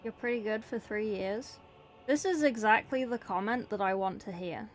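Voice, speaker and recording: A woman's voice: medium pitch, normal speed, soft background music. Chatty woman streamer, New Zealand tinge. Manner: chatty, joking, self-mocking. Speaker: streamer and miniature painter. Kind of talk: casual live-stream chat answering viewers. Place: dark room at home at night.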